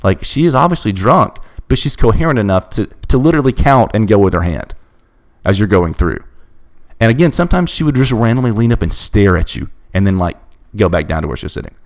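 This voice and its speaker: Deep-voiced young man recounting a wild night. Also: lively intonation, fairly quick. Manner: emphatic, restless retelling of a bizarre night. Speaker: storyteller guest. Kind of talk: casual storytelling chat.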